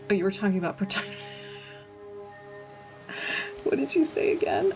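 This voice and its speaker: A woman's voice: lowish voice, animated, normal speed, pauses often. Chatty woman Reiki healer, music behind. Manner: chatty and rambling, laughs often. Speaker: Reiki healer hosting a live session. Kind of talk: casual livestream chat, answering viewers. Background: soft background music.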